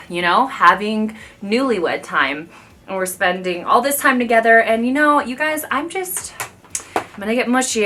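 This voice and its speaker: Brief: bright-voiced woman in her 30s, beauty vlogger, chatty and gushing, talking straight to camera mic at home. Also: medium pitch, slight background noise. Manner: gushing, confiding, talks straight to viewers. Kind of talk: chatty get-ready-with-me talk. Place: at home doing makeup in front of a camera.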